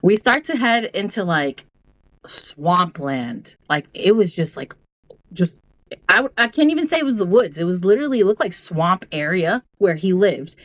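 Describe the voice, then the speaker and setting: A woman's voice: fairly low pitch, very animated, moderate pace, no room sound. A woman from Puerto Rico, a podcast guest telling a rideshare story in casual chat, acting out the voices and swearing freely.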